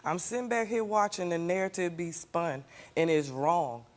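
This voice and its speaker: A woman's voice: lowish voice, animated, moderate pace. An older woman on a talk show stage defending herself in an insistent way, cutting in to hold her ground. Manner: insistent, talks over others with repeated "hold on". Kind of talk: defensive argument. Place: TV studio stage.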